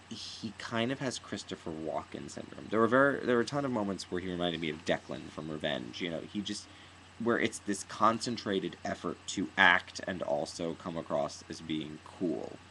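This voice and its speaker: A man with a notably deep, gravelly, slightly bright voice delivers an opinionated, casual spoken review of a theater show, rambling and restarting sentences and now and then acting out lines in an exaggerated voice. The recording is rough, with a faint hiss underneath.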